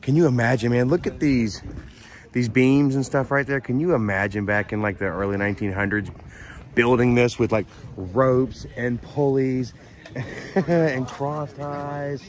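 A man's voice: mid-range voice, fairly even intonation, measured pace. A man vlogging on a mountain lookout, nervous and full of anxious exclamations. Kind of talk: casual vlog narration. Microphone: handheld camera. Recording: outdoor camera audio with background noise.

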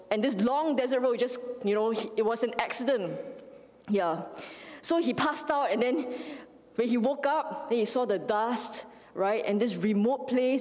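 Woman lay preacher, slightly high voice, conversational sermon with tag questions, long church-hall reverb. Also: a little mellow. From Singapore. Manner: storytelling with frequent "right?" and "you know". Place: church sanctuary.

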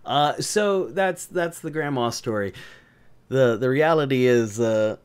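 Casual male channel host from the South, crude, joking, mid-pitched voice. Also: normal speed, smooth. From American South. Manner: crude, joking, rambling with fillers. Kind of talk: casual storytelling.

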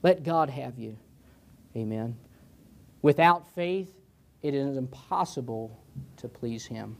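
A man with an American accent preaching a sermon as pastor, pleading with passion and swinging from loud, climbing lines to low, hushed ones. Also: expressive, slow pace, creaky, a little hiss or hum. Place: church sanctuary.

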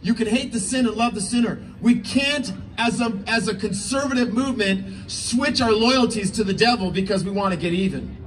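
A man in his fifties preaching and praying fervently at a political rally, his voice rising into shouts. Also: sits high, moderate pace, hardly any pauses. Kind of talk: impassioned sermon and prayer. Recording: distant mic, faint ambient noise.

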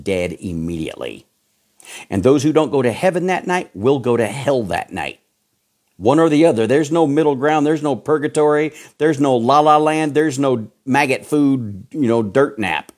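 A male pastor delivers a fiery sermon, his voice swinging widely from low, grumbling asides to high, strained shouts. His pitch is very lively, and his folksy slang keeps him sounding blunt and direct. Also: moderate pace. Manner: folksy slang, calls listeners pal and folks.

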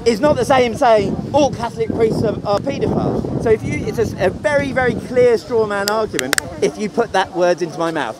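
A man's voice: high-pitched, lively intonation, fairly quick, hardly any pauses, heavy background noise. A man arguing sarcastically in an outdoor street debate, interrupting with short retorts. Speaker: debate opponent. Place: outdoor public speaking spot.

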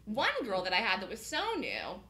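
A woman hosting a live trading room, talking fast and emphatically, repeating her points and laughing easily. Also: medium pitch, huge pitch swings, creaky, pushed and bright, roomy sound, poor audio.

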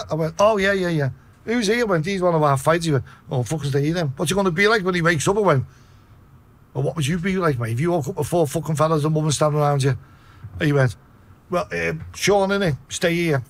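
Man, Liverpool accent, husky voice, fairly high, swears a lot, acts out his own shouts. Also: fast talker. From Liverpool, England. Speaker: guest telling his story. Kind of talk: casual storytelling.

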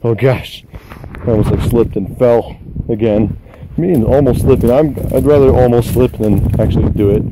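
A man's voice: mid-range voice, normal speed, heavy background noise. A young man joking around and narrating to the camera while hiking outdoors on a mountain trail. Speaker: vlogger. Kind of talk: casual hiking vlog. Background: music.

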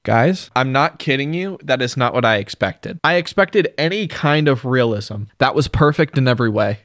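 A young man hosting a sarcastic comedy reaction commentary, joking and animated. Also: mid-range voice, normal speed, no echo, clean studio sound.

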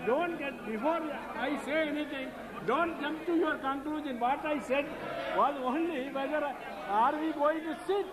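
Halting Indian-accented MP over clamour. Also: male voice, extremely high pitch, crowd noise. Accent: Indian English. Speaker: member of parliament.

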